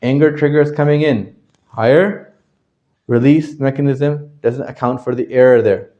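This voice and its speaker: A man teaching a class, constantly asking his listeners questions and checking that they understand, his voice jumping from loud to quiet. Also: medium pitch, unhurried, muffled recording. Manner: animated, swings from loud to quiet. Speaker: religious teacher. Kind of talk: interactive lecture to a class.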